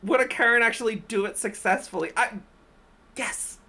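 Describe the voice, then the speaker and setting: A woman streamer giving casual reaction commentary in an animated way, laughing often and ranting in exasperation. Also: fairly high pitch, normal speed.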